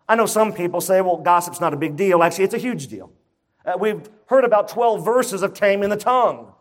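A pastor preaching to his church congregation, emphatic and conversational, repeating his key points and putting questions to the room. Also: sits high. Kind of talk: sermon.

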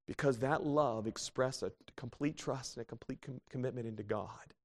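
A man in his thirties preaching a sermon as pastor, swinging between fervent, rising bursts and hushed, tender pleas. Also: mid-range voice, moderate pace, few pauses. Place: church sanctuary. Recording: long church reverb.

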